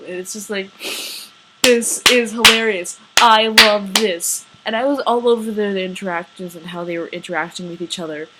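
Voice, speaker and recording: A woman's voice: medium pitch, moderate pace, noisy background. A woman gushing about her favorite fictional couple in a casual vlog, swearing freely, gasping and laughing as she goes. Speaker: vlogger. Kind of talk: excited fan rant.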